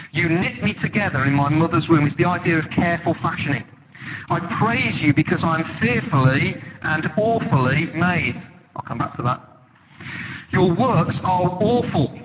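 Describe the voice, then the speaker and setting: A man preaching a sermon in a church, conversational and animated, telling stories with sudden dramatic emphasis. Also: high-pitched. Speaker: pastor. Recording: dull, lo-fi with loud background noise.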